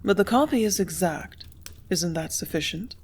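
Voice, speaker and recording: A composed young office woman who stays quiet and cool under pressure, read by a woman narrator. Her replies are tart and precise. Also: fairly low pitch, expressive, moderate pace, breathy edge. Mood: firm.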